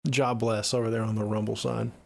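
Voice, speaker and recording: A man's voice: lowish voice, level tone, a little fast, vocal fry, over loud music. A young man with a Seattle accent chatting casually on a livestream, reading viewer comments in a laid-back, joking, profane way. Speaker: livestreaming music producer.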